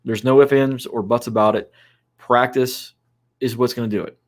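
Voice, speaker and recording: Man, mid-pitched voice, instructive, podcast co-host, advice-giving. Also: fairly even intonation, moderate pace. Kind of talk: casual podcast discussion.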